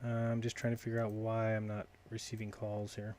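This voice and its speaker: A man's voice: lowish voice, monotone, a little fast, darkish tone, slight background noise. A man hosting a live call-in stream, talking casually and muttering to himself while he sorts out his call settings. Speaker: livestream host taking calls.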